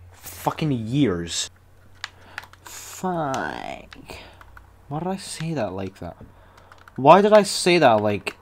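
A young man giving sweary, excitable and sarcastic commentary while building in a video game. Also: mid-range voice, a little hiss or hum. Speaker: gaming YouTuber. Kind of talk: casual gameplay commentary.

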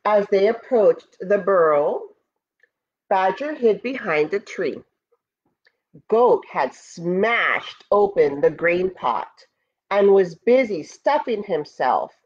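A woman teacher reads a storybook aloud to her students, slowly and with lots of expression. Her voice rises and falls as she pauses to ask them questions. The audio is dull and lo-fi. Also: medium pitch. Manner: slow and expressive, asks the listeners questions. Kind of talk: reading a picture book aloud to students.

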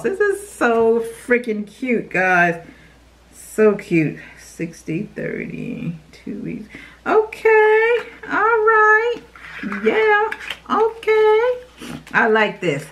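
Woman, beauty vlogger, casual unboxing chat, bubbly and excitable, mid-pitched voice. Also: takes it slowly, slight background noise. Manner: bubbly and excitable, talks to viewers as "y'all". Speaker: beauty YouTuber.

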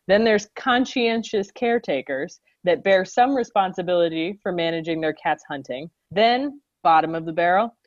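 Brief: low-voiced deadpan woman co-host, dull lo-fi sound. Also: no room sound. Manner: deadpan, wry. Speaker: podcast co-host. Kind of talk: casual chat.

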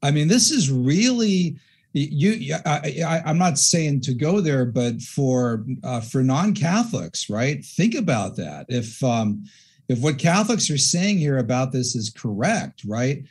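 A man hosting a casual discussion who reads scripture aloud and breaks into animated, self-correcting commentary. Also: mid-range voice, unhurried, husky. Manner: animated, acts out quotes with mock voices. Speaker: podcast host.

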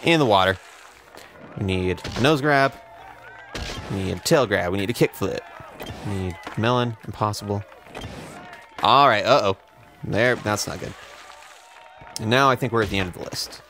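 Playing a video game, a young man swears, mocks himself and jokes sarcastically in casual commentary. His lowish voice is bright and forceful at normal speed with frequent pauses, and there's a little hiss or hum.

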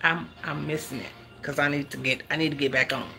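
A cooking livestream host speaks a little fast in a low, creaky voice. Her chat is lively and teasing, and she reads viewer comments out loud along the way.

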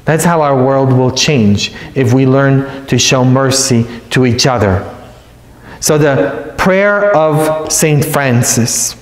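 A man's voice: mid-range voice, slow. Man preaching in an echoey church. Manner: storytelling, repeats phrases for emphasis. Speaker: priest. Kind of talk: retreat sermon. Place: large church.

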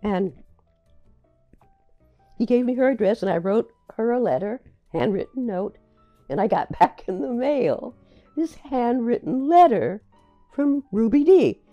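An older woman, a playwright, recalling her career in a reflective, halting way, often repeating words as she remembers. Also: a little high, expressive, lo-fi sound, soft background music. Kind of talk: reflective personal storytelling.

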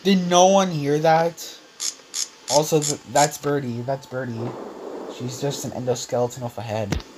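Young male gamer, mid-pitched, excitable rambling commentary, faint hiss. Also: unhurried. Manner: rambling, filler-heavy, jumpy and excitable. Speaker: gaming YouTuber. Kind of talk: casual let's-play commentary.

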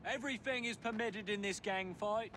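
A man's voice: sits high, moderate pace, noisy background, close to an everyday voice. A man voicing a formal, curt Victorian gang leader in game dialogue.

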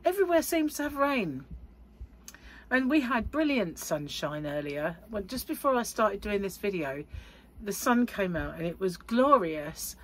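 A woman's voice: medium pitch, lively intonation, measured pace, hardly any pauses, a little hiss or hum. A middle-aged woman vlogging casually to camera, rambling and chatty with frequent laughs. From United Kingdom. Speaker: crochet vlogger.

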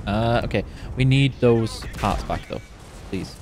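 A man's voice: mid-range voice, a little slow, over music. Tired, chatty man streaming. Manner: chatty, reads chat aloud, hums along while playing. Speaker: game streamer on official channel. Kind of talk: casual live-stream chat while gaming.

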